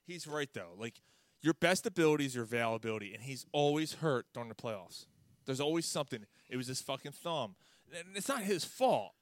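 A man's voice: medium pitch, animated, fairly quick, no echo. A man hosting a casual sports podcast, swearing and rambling in exasperation. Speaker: podcast host.

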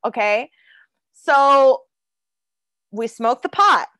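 A woman's voice: sits high, animated, drawn-out words, bright, forceful tone, no echo. A woman hosting a podcast, telling a candid, profane comedic story and acting out both sides of the dialogue. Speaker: podcast host.

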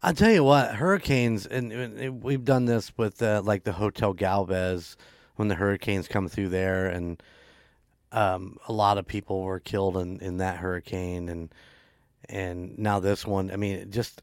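A man's voice: deep voice, fairly even intonation, a little slow, no room sound, clean studio sound. A man co-hosting a podcast who chats casually, asks blunt questions and swears now and then. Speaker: podcast co-host. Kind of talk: casual chat.

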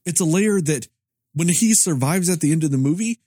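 A man talking about a film in an animated, joking way, his pitch swinging widely as he acts out little scenes. The sound is dry and close, with no room echo. He curses freely and stays in a relaxed, casual mood. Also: brisk. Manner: animated storyteller acting out customer and server; profane, comedic. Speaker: movie discussion co-host. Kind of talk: casual chat.

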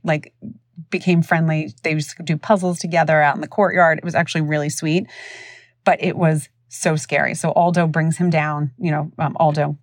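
A woman in her thirties hosting a podcast, telling stories in a casual, animated way and acting out other people's voices. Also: low-pitched, no echo. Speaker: podcast host. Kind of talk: casual storytelling.

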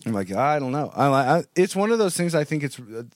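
A man co-hosting a casual podcast chat, animated, acting out his inner voice with sudden jumps in pitch. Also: fast talker, dry recording, clean studio sound. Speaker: podcast co-host.

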